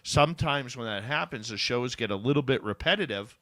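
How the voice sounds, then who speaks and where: Bright, dry-voiced male radio host. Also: medium pitch, animated, brisk, dry recording. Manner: informal, chatty, upbeat announcer delivery. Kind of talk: casual radio chat and show promos.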